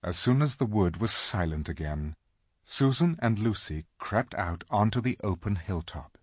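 A man narrating a children's storybook aloud, slow and dramatic in his reading. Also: lowish voice, lively intonation, breathy edge, no echo, clean studio sound. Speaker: audiobook reader.

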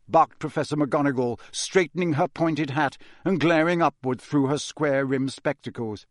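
A man reads a novel aloud in steady, measured narration. His voice sits a little high for a man, and the recording is dry and close with no room sound. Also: no room sound. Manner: measured, even storytelling delivery. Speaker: audiobook narrator. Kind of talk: scripted storybook narration.

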